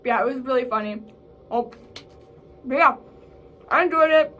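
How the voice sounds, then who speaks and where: A woman's voice: normal speed, fairly bright tone. A young woman in college, chatting casually in a vlog, filling her speech with "like" and acting out what others said. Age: young adult. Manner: chatty, fillers like "like" and "bro", acts out quotes in a higher voice. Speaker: college vlogger.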